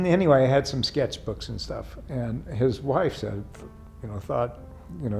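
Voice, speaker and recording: An older man, a painter, telling long rambling stories in a documentary interview, full of "you know" asides and quick to get emotional. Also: mid-range voice, vocal fry, darkish tone, soft background music. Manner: gets emotional.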